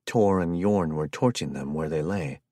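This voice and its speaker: Un hombre que narra un audiolibro con lectura pausada y constante. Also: male voice, rumbling low, dark tone, no room sound, clean studio sound. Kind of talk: scripted narration.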